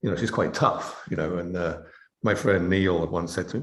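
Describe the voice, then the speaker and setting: This is a middle-aged man with an English accent and a very low voice. He speaks in a loose, rambling way, full of "you know" and restarts, as a guest in a casual interview. The sound carries noticeable room echo. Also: animated, normal speed. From England. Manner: rambling, many fillers and restarts. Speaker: interview guest, biochemistry professor. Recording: echoey room.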